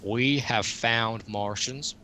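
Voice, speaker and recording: A young man putting on a pompous male politician who makes slow, grandiose proclamations. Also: mid-range voice, pushed and bright, a little hiss or hum.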